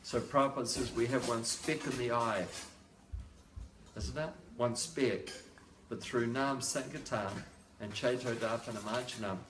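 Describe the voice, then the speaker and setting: A man's voice: mid-range voice, steady tone, measured pace, background noise. An older man preaches in a mid-range voice, hammering points home by repeating them and dropping in jokes. The echo of the home room he speaks in hangs around his words. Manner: repetitive and emphatic, with joking asides. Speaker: lecturer. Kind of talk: devotional sermon at a home program. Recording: echoey room.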